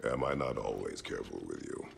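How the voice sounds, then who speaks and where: Very deep, gravelly, terse warrior god for a game, ambient noise behind. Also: male voice, animated, a little fast, full character voice. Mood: stern. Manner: terse, curt, solemn. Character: stern, terse aging male warrior god. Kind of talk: video game voice acting.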